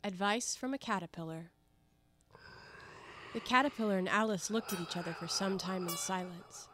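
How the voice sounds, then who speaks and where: A woman reads a classic children's tale aloud in a clear, measured way. Her voice sits in a typical middle pitch. The telling is expressive and steady. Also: noisy background. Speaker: storyteller. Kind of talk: storybook read-aloud narration.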